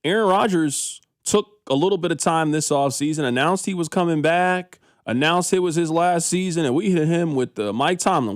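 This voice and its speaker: A man co-hosting a casual sports talk radio show, riffing in an animated, incredulous, slangy way into a studio microphone. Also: a little high, moderate pace, few pauses, no room sound.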